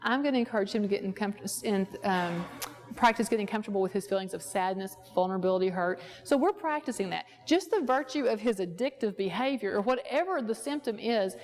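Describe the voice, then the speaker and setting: A woman's voice: medium pitch, lively intonation, a little fast, darkish tone, soft background music. A woman therapist teaching a workshop, explaining through a client example and putting rhetorical questions to the audience. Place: workshop room at a ranch.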